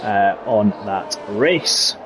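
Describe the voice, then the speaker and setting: A man giving live commentary on a sim racing league, getting excitable when the battles get close. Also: fairly low pitch, extremely slow, background noise. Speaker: race commentator.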